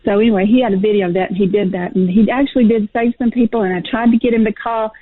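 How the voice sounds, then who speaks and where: A woman's voice: medium pitch, steady tone, fast talker. A middle-aged woman calling in to a radio show, out of breath and nervous, telling a rambling story. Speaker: caller. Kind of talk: casual phone call to radio show. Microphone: phone. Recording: tinny phone line.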